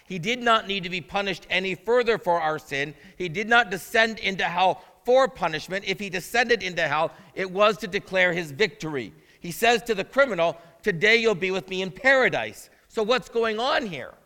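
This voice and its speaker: A man's voice: high-pitched, lively intonation, normal speed, few pauses, pushed and bright. A male pastor preaching a sermon in a conversational way, asking the listeners questions as he goes. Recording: long reverb of a large hall.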